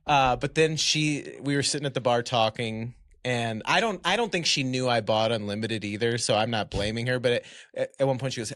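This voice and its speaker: A man's voice: medium pitch, a little fast, a bit bright, no echo, studio quality. A man guesting on a podcast, telling rambling, self-deprecating stories in casual chat.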